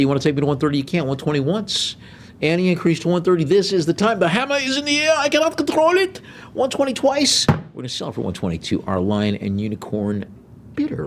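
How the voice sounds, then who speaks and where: A middle-aged man working as an auctioneer, calling bids briskly with joking asides. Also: medium pitch, slight background noise.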